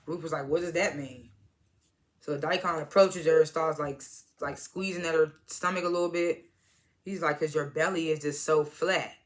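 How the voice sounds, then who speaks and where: A woman's voice: sits low, fairly even intonation, moderate pace. A woman casually recapping a TV episode, retelling scenes by quoting each character in turn and laughing at them. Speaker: TV show reviewer.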